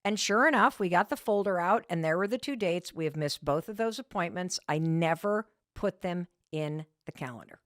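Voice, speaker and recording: Woman podcast host, motivational storyteller, very expressive pitch, emphatic with quick restarts. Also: dry recording, studio quality. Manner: animated and emphatic, with frequent restarts.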